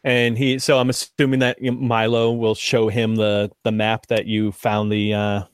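A man's voice: on the low side, completely flat delivery, unhurried, clear, resonant tone, dry recording. A man running a tabletop game, thinking aloud with fillers and restarts. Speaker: game master.

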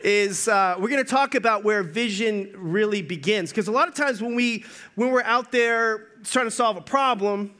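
A male pastor preaching a sermon in a high, bright voice. He jokes and tells stories with plenty of energy. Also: moderate pace. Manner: joking, storytelling, energetic.

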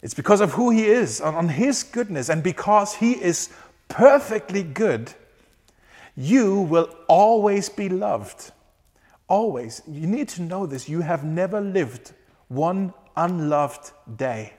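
A man delivers a sermon with an earnest, conversational warmth, stretching key words slowly and breaking into light laughter. His voice sits a little higher than most men's. The sound carries a long reverb, as in a large church hall. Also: expressive. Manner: earnest, varies pace for emphasis, laughs often. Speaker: pastor.

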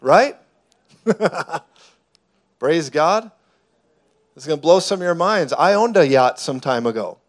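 Male preacher, fervent sermon delivery with shouting peaks, mid-high voice. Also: expressive, slow, pauses often. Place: church hall before a congregation.

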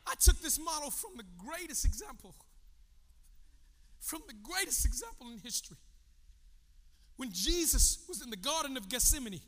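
A pastor preaching a sermon, swinging from low, conversational talk to shouted calls to the congregation. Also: male voice, very animated, normal speed, long pauses, big-room sound.

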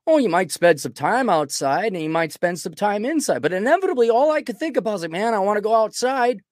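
A man's voice: high voice, very animated, quick pace, no room sound, clean studio sound. A man hosting a podcast, talking casually in a rambling, self-deprecating way while sick with a cold. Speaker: podcast host. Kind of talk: casual monologue.

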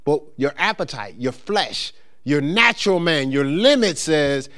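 Male pastor, sermon delivery, slightly high voice with wide, lively inflection. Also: a little slow. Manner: animated preaching with rising emphasis and quoted voices; drops into a low, soft storytelling voice.

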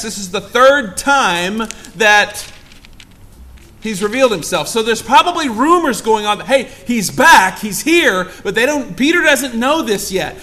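A man preaching a sermon to a congregation in a church, acting out the lines of the story with dramatic swings and asking the room questions. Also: sharp tone. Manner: dramatic, acts out quoted lines with big shifts in pitch and volume; asks the congregation direct questions. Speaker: pastor.

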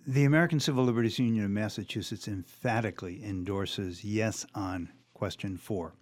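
A lawyer and radio host states his position firmly and in measured steps. His delivery gathers force as he goes. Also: fairly low pitch, a little mellow. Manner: emphatic, measured, building. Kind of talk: emphatic talk radio commentary.

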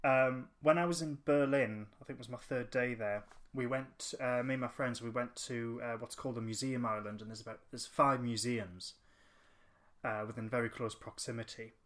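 A podcast co-host rambles through a long anecdote in casual conversation, full of fillers and restarts. His mid-range voice is fairly bright, with fairly even intonation and a normal speed.

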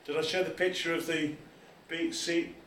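Man, pastor, animated sermon; slightly high voice, distant mic in a very echoey church hall. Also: normal speed, a little hiss or hum. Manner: animated, acts out quoted voices. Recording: echoey room from far off.

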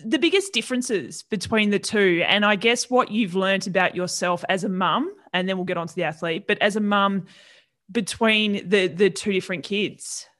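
A woman hosting a podcast, chatting casually, laughing often and adding quick asides. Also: medium pitch, fairly bright tone. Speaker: podcast host.

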